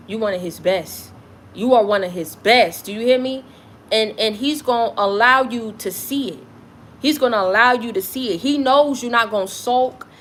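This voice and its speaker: Speaking at a medium pitch over faint hiss or hum, a woman gives her viewers a fervent spiritual message. She preaches bluntly, curses freely, and repeats herself for emphasis.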